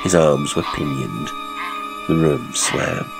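A man narrating a strange horror story in a measured, deliberate way. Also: a bass voice, gravelly, over music.

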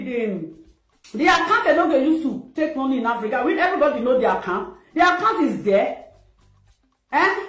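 A Nigerian woman giving a scolding, mocking social media rant that slips into pidgin. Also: high voice. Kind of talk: ranting commentary. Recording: echoey room with faint music.

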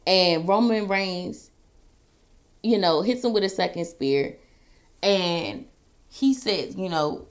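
A woman vlogger telling a story in a casual, animated way as she does her makeup, acting out what the wrestlers said. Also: fairly low pitch, slow pace, pauses often. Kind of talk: casual recap while doing makeup.

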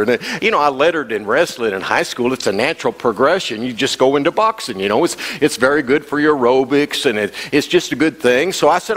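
Storytelling pastor in a reverberant church hall. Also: male voice, mid-range voice, lively intonation, quick pace, hardly any pauses, fairly bright tone. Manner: humorous storytelling with repetition, chuckling. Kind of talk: sermon. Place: church sanctuary.

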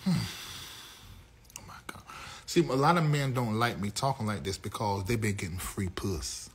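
A man's voice: lively intonation, normal speed, husky. Sassy flamboyant male talk show host. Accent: Southern US. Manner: sassy, flamboyant, swings from low mutters to loud outbursts. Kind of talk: live talk show monologue to chat.

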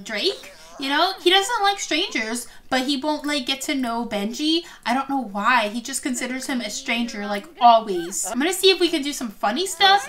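A young woman commentating her life simulation game play, gasping and gushing over the characters. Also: high-pitched. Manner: gushing, gasps often, repeats "oh my gosh". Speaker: gaming video host. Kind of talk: Sims let's play commentary.

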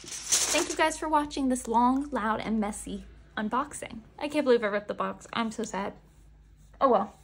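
A woman with a fairly high voice and a gravelly, fry-laced edge gushes her way through an unboxing, talking straight back to the photos she finds. Her commentary is casual and excitable, recorded close with a faint hiss underneath. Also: moderate pace. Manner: gushing, excitable, talks to the photos. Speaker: unboxing vlogger.

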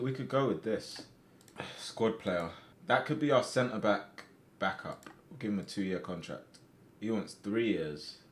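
A young man live-streaming a football manager game, reacting loudly to matches and chatting with his viewers. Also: on the low side, roomy sound. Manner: excitable, shouts at players during matches, calmer while managing.

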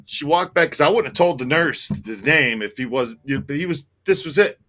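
A man's voice: fairly high pitch, lively intonation, fairly quick, sharp tone. A man telling a personal story in casual chat, candid and rambling, swearing freely and growing emotional. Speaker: tour operator telling a story.

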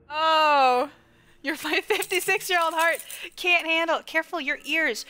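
A high, bright-voiced woman gives live commentary on a horror game from her couch at home. She talks close to the microphone, jumps at scares, giggles often, and chats with her viewers and her dog. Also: moderate pace. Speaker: game streamer.

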